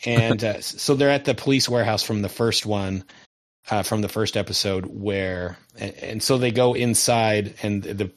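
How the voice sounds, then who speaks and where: A man casually recapping a TV episode as a podcast co-host, lively and often laughing as he tells it. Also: on the low side, normal speed.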